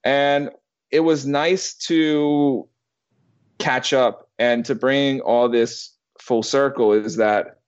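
A man in his thirties tells a personal story over casual conversation, rambling with many restarts and some swearing. He speaks slowly in a smooth, medium-pitched voice with a steady tone, and the recording is muffled.

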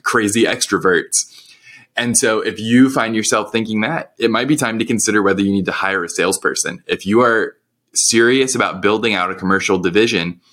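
A man's voice: fairly low pitch, a bit bright. A man co-hosting a podcast, talking in a casual, conversational way and explaining business advice step by step. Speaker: podcast co-host.

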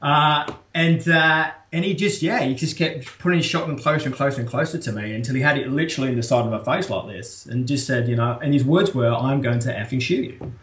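British man telling a lively story in a roomy space. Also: medium pitch, a little fast, few pauses. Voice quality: animated, laughing often, restarts. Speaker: guest. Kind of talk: casual storytelling.

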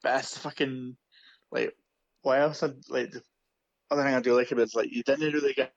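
A man's voice: mid-range voice, fairly even intonation, fairly quick, dry recording. A young man in casual chat, rambling and swearing, with lots of fillers. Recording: dull lo-fi sound.

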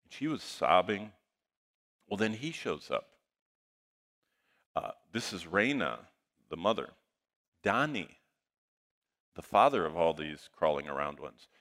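Middle-aged male pastor, sermon storyteller, low pitch, forceful tone. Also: a little slow, pauses often. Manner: animated anecdote, quotes dialogue in lively voices.

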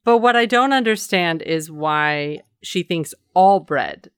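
Low-voiced expressive woman podcast co-host. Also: slow, clear, resonant tone, dry recording, studio quality. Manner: expressive, mock-indignant commentary. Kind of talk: casual recap chat.

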